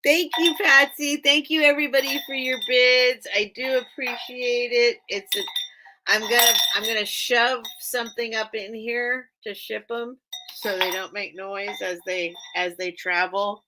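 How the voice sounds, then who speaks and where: A woman's voice: a little high, steady tone, measured pace, heavy background noise. A woman hosting a casual live-stream sale, chatting and thinking aloud as she greets viewers by name. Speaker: live online sale host.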